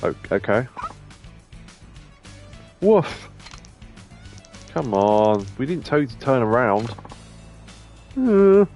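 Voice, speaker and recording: A man's voice: fairly low pitch, moderate pace, few pauses, darkish tone, soft background music. A man chatting casually while playing a game, musing aloud and laughing often. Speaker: let's play streamer. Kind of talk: casual gameplay commentary.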